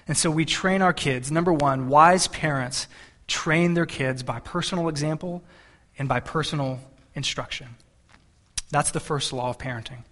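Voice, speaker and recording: A man's voice: on the high side, normal speed, a bit bright. A man in his thirties, a pastor delivering a sermon in an earnest, conversational way with frequent restarts.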